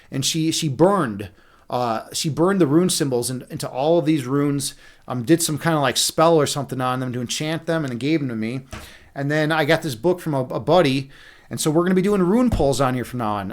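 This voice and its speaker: Middle-aged male streamer, slightly raised pitch; loose, profane, meandering chat. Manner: chatty, rambling, with many restarts and fillers. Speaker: livestream host. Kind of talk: rambling casual livestream chat.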